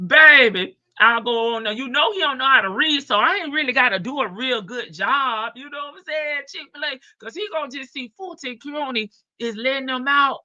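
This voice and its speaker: A woman's voice: sits high, lively intonation, moderate pace, hardly any pauses, pushed and bright, dry recording, dull audio. A woman hosting a casual livestream, chatting in slang and greeting viewers by name. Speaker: livestream host. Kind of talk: casual livestream chat reading viewer comments.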